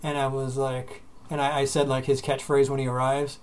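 A man hosting a casual podcast, joking and crude and quick to laugh. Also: mid-range voice, completely flat delivery, slight background noise. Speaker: podcast host.

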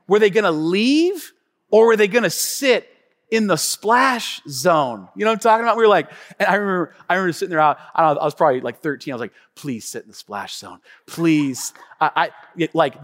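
Male pastor, high and very expressive delivery, preaching in a hall with a long echo. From Tacoma, Washington. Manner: animated storytelling preacher, calling out to the congregation. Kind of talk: sermon. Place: church sanctuary. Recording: long reverb of a church hall.

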